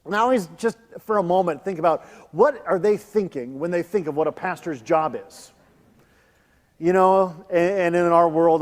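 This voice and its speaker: A male pastor, likely in his thirties, giving a sermon in a church, reading scripture and talking in a relaxed, conversational way with joking asides. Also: on the high side. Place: church hall. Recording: long reverb of a large hall.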